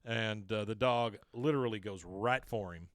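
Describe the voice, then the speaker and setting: A man co-hosting a podcast, casually recapping a cartoon episode and jumping into quick put-on voices for the characters' lines. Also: lowish voice, a bit bright, no echo.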